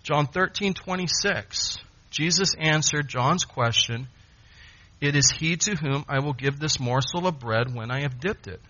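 Emphatic preacher man, slow and husky. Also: fairly high pitch, sharp tone, lo-fi sound. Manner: emphatic, dramatic pauses. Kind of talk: sermon.

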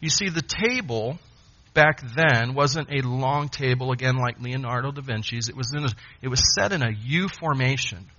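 A man preaching a sermon, emphatic, with dramatic pauses. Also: mid-range voice, sharp tone, dull audio.

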